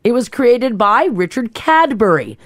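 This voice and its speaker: A woman's voice: on the high side, a little slow, no room sound. Woman on a radio show chatting away, voice swings up and down a lot, dry close studio sound. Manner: animated, laughs while telling stories. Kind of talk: casual radio chat, reading fun facts.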